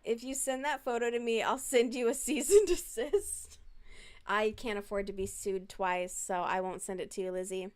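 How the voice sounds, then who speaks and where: A woman's voice: medium pitch, moderate pace. A woman talking in a casual, chatty way on a live stream, answering chat messages and swearing freely.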